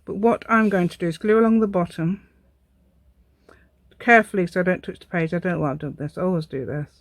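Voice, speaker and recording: Briskly, in a voice on the low side and a dry recording, this crafting host talks through a laid-back tutorial. She chats and rambles while working, laughing often and joking at her own expense.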